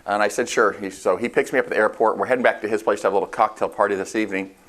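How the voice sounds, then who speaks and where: A man with a lowish voice speaks casually to a room of colleagues. He tells stories loosely and acts out other people's quotes. The talk has filler words and restarts. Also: very fast. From United States. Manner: casual, animated storytelling with laughs and acted quotes. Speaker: real estate sales meeting leader. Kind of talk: storytelling talk to a sales meeting. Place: meeting room.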